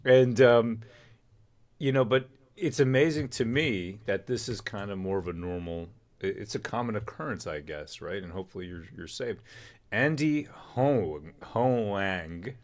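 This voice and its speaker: Low-voiced man hosting a livestream. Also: lively intonation, a little slow. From Canada. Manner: rambling, joking storyteller. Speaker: livestream host. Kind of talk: casual livestream chat.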